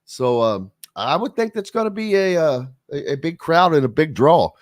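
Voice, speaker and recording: A man hosts sports talk radio in a loose, chatty style. He restarts his sentences and fills the gaps with "uh." His voice sits a bit high for a man. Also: animated, normal speed. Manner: rambling, with many fillers and restarts.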